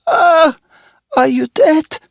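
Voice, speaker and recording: A man voicing a wild, frantic young German governess with high crying shrieks. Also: sing-song, drawn-out words, creaky, no echo, clean studio sound, full character voice.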